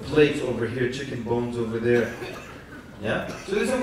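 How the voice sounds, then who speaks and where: Animated preacher man in echoey hall. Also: mid-range voice, moderate pace, distant mic, slight background noise. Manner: animated storytelling with jokes and acted quotes. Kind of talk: conference lecture. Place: large conference hall.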